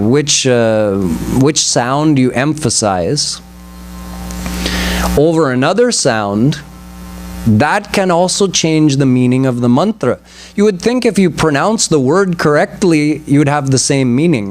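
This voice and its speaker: A man giving a spiritual lecture in a temple, explaining terms carefully and deliberately. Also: fairly high pitch, slight background noise. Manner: slow, deliberate, explanatory, stresses pronunciation. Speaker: swami giving a religious lecture. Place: temple hall.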